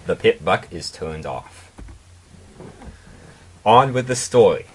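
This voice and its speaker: A man narrating a comedic dramatic reading of fan fiction in a deadpan way, with mocking asides. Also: deep voice, takes it slowly, slight background noise.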